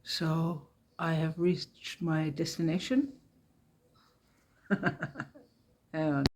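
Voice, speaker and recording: A woman's voice: deep voice, steady tone, drawn-out words, a little mellow. A woman on a walking pilgrimage, chatting casually to camera as she tells the day's story, emotional and close to tears. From Ireland. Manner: chatty storytelling, retelling conversations. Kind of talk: casual travel vlog.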